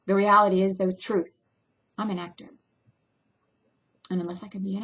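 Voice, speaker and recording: A young woman, an actress, speaking bluntly and intensely in an emotional personal vlog monologue, with sudden swings between loud and soft. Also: mid-range voice, flat delivery, normal speed, long pauses. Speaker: actress and filmmaker.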